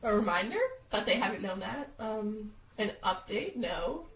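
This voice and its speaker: A young woman co-hosting a casual chat show, sick and talking in a flat monotone with lots of fillers. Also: medium pitch, moderate pace. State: sick, congested. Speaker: podcast co-host. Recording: dull, roomy lo-fi recording.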